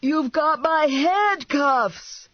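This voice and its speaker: A man's voice: high voice, big pitch swings, moderate pace, breathy edge, dry recording, muffled recording, pitched above the performer's own voice, heavily acted. A female audiobook reader voicing a dim, eager and earnest male sidekick who rambles on. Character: dim, eager, chatty adult man sidekick.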